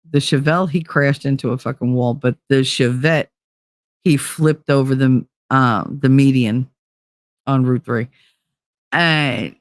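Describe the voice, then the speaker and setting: Animated, foul-mouthed woman telling stories. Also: rumbling low, no echo, studio quality. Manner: animated, swears freely, acts out quoted voices. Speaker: streamer. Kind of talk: casual late-night storytelling.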